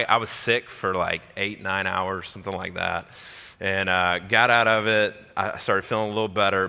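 A young man telling a comic personal story, acting out voices and swinging between loud and quiet. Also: lowish voice, clear, resonant tone. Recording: long hall reverb.

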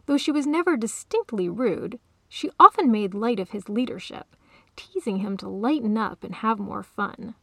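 A woman author reading her own short story aloud in a calm, even storytelling manner. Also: mid-range voice, moderate pace, creaky, no echo. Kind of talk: storybook narration.

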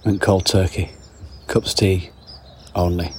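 A man with a very low, deep voice rambles casually through his podcast while nursing a cold. He talks into a phone in a greenhouse, tossing in wry asides, with faint birdsong and outdoor noise behind him. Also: level tone, a little mellow. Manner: chatty, wry asides, reads labels aloud haltingly. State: under the weather with a cold. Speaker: podcast host. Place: garden greenhouse.

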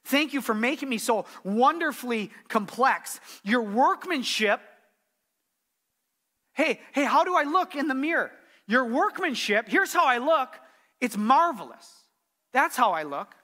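A man's voice: extremely high pitch, very animated, unhurried, bright, forceful tone. A middle-aged man preaching a sermon as pastor, earnest and emphatic, repeating his key phrases.

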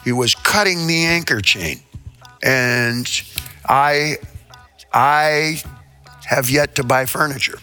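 Theatrical older man with a bright voice. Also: medium pitch, slow pace, pauses often, clear, resonant tone, faint music behind. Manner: theatrical, jokey, prone to laughing asides. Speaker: performing musician. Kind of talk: rambling interview anecdotes.

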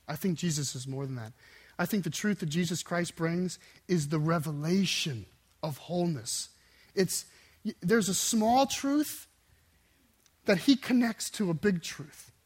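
A man preaching a sermon with intense emphasis, swinging between forceful surges and quiet, dropped endings. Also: on the high side, breathy edge. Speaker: pastor.

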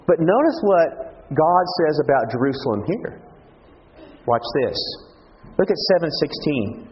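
A man preaching a sermon, emphatic, his voice rising high and then dropping low and quiet for effect. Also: big pitch swings, a little slow, breathy edge, in a large hall, muffled recording. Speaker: pastor.

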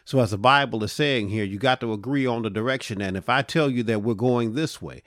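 A man's voice: mid-range voice, a little fast, fairly bright tone, no room sound, studio quality. A man preaching a short podcast sermon as pastor and host, speaking straight to his listeners as brothers and sisters.

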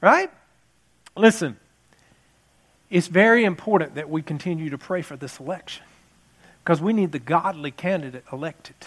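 A man's voice: on the high side, normal speed, pauses often. A man preaching a sermon in a conversational storytelling way, repeating phrases and building to passionate emphasis. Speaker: pastor.

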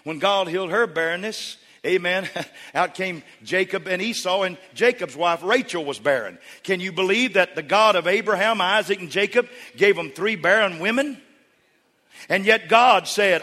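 A man preaching a sermon to his congregation, who moves between quiet storytelling and shouted calls for the crowd to respond. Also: sits high, normal speed. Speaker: pastor. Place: large church hall with congregation. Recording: church hall reverb with congregation.

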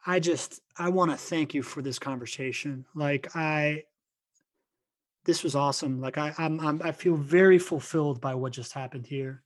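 Podcast host, man, slightly high voice, eager, stumbling delivery. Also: moderate pace. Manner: enthusiastic, stumbling restarts. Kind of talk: casual interview talk.

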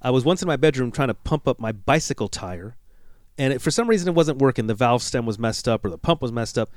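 A man co-hosting a podcast, recapping film scenes in an animated storytelling way and laughing at himself. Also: medium pitch, fast talker, no echo, studio quality. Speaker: podcast co-host. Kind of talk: casual podcast movie breakdown.

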